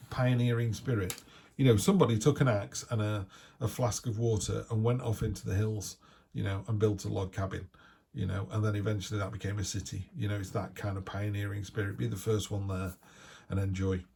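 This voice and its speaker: A man's voice: fairly low pitch, creaky, a little mellow, slightly rough. A man giving a weekly tarot reading in a chatty, rambling way full of asides and restarts. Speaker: tarot reader.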